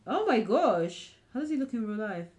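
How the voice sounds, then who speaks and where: A woman's voice: a little high, very animated, normal speed, darkish tone. A woman co-hosting a podcast, chatting casually and reacting with lots of short agreeing replies. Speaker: podcast co-host. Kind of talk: casual chat.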